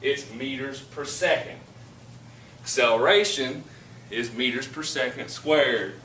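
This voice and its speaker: A man, teaching a class and telling a lively story, laughing as he goes. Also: mid-range voice, slow pace. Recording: echoey classroom from far off, noisy.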